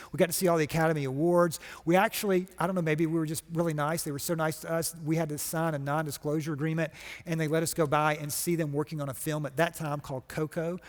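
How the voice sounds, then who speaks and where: A middle-aged man from Georgia giving a motivational conference talk, telling a story and acting out quotes with lively energy. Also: on the high side, big-room sound. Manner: storytelling, animated, acts out quotes. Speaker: conference speaker.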